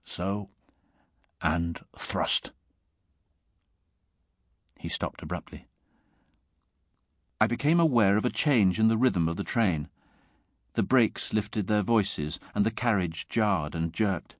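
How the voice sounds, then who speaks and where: A man reading a short story aloud in a measured, steady narrating voice. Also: fairly low pitch, no echo, clean studio sound. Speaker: reader.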